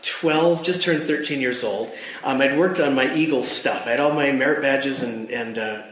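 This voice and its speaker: A man's voice: medium pitch, normal speed, a bit bright, slight background noise. Male devotional speaker, mid-range voice, earnest storyteller who speaks directly to listeners, reverberant room. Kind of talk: personal story in a church devotional. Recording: echoey room.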